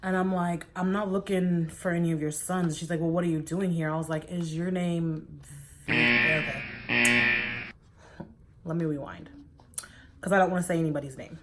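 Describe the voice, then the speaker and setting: A young woman in her twenties telling a personal story to her viewers in a casual, animated way, often acting out what people said. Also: low-pitched, moderate pace, long pauses, faint music behind. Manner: animated, quotes people in her own voice, says "like" a lot. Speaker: vlogger.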